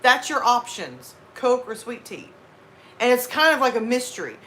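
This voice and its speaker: A woman's voice: fairly high pitch, very animated, normal speed, sharp tone, slight background noise. A woman in her thirties with a Southern US accent, casually chatting with her live chat and rambling through asides. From American South. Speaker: livestream host reading chat.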